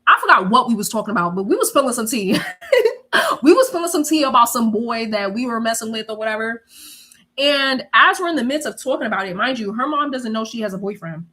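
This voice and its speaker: A young woman telling stories in a casual, animated way, swearing freely and laughing often. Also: a little high, fast. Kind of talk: casual storytelling chat.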